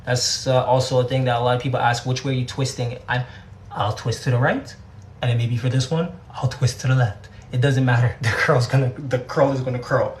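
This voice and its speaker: A man's voice: mid-range voice, little pitch movement, fairly quick, a little hiss or hum. A young Canadian man with a Canadian accent, chatting casually during a hair tutorial livestream. He is laid-back and slangy and repeats his words. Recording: echoey room.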